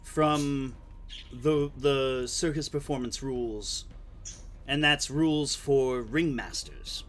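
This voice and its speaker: Speaking slowly in a mid-range voice, this game master narrates and chats through a tabletop session, meandering and leaning on lots of fillers. Faint music plays in the background.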